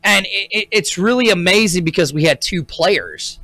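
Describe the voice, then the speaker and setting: A man's voice: high voice, lively intonation, normal speed, sharp tone, no room sound. A man co-hosting a casual talk show, telling a rambling story with lots of restarts. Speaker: co-host. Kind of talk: casual chat.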